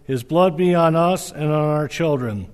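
A hostile crowd of accusers making demands, as a man reads their words in a fairly high, steady voice. A long hall echo trails each phrase. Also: clear, resonant tone, close to an everyday voice. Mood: accusing. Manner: measured, earnest reading. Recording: reverberant hall.

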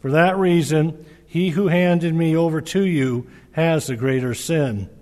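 A grave, calm man on trial, as a male reader gives his words in a fairly high, measured voice. A long echo hangs over every word. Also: lightly acted. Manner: measured, earnest reading. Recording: reverberant hall.

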